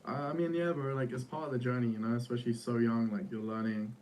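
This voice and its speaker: A man's voice: medium pitch, steady tone, fast, darkish tone, distant mic, slight background noise, low-quality recording. Slangy young man, a bit off-mic. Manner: casual, slangy, says "bro" and "like" a lot. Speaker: founder of an AI startup. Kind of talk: casual podcast interview.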